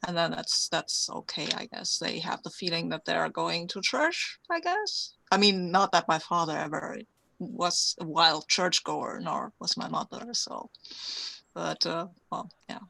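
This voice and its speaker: A woman's voice: on the low side, expressive, measured pace, gravelly, sharp tone, no echo, poor audio. A woman chatting casually and hesitantly, trailing off between thoughts. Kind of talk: casual chat.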